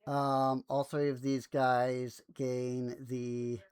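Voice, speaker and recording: An unhurried game master talks through a tabletop session, relaxed and chatty. The voice is dry and close to the mic, with no room sound behind it. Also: mid-range voice, clear, resonant tone, no room sound. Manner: relaxed, chatty, laughs easily. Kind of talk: narrating a tabletop game over voice chat.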